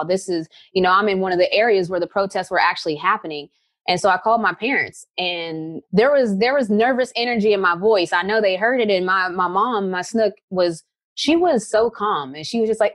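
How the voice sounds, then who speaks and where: A woman in her thirties from West Virginia, a basketball player answering interview questions in a chatty, upbeat, animated way. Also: medium pitch, fairly quick, no echo. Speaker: pro basketball player guest.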